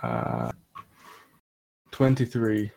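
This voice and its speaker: A man's voice: on the low side, big pitch swings, extremely slow, gravelly, mellow, slightly rough, no echo. A man playing in a tabletop game, easygoing and matter-of-fact in casual table chat. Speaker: player.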